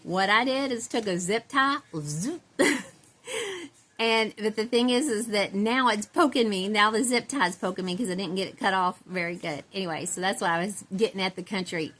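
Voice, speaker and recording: A woman's voice: mid-range voice, moderate pace, fairly bright tone. A woman from Central Texas, chatting casually and rambling to her viewers, laughing often. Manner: rambling, chatty, laughs often, self-described country girl. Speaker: doll-collecting vlogger.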